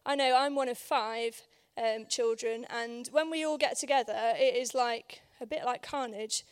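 Hoarse woman giving a chatty sermon. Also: fairly high pitch, fairly even intonation, a little slow. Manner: conversational, many ums, asks the room for agreement. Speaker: guest preacher. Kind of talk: informal sermon. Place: church service.

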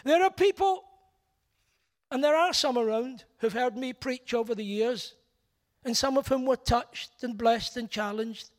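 A man's voice: very high voice, unhurried. A middle-aged man preaching a sermon, blunt and emphatic, hammering points home by repeating key words.

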